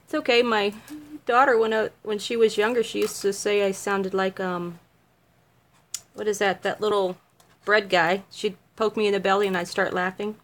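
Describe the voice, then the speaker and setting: A woman's voice: mid-range voice, steady tone, normal speed. A middle-aged woman making a craft video, chatting casually on a livestream, giggly and self-mocking.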